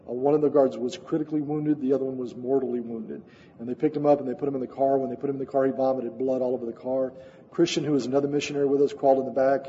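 Man, missionary preacher, earnest storyteller, quick delivery, mellow tone. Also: mid-range voice, slight background noise. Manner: earnest storytelling with frequent uh fillers. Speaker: missionary speaker. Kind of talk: sermon testimony. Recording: dull sound with long hall reverb.

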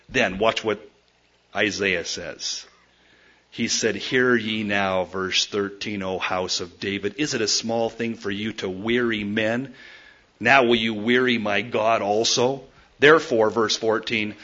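A male preacher delivers a sermon in a bright, forceful voice. He swings from loud, emphatic declarations to hushed asides and speaks straight to his listeners. The recording sounds dull and lo-fi. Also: lowish voice, slow. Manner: addresses the listeners directly as folks.

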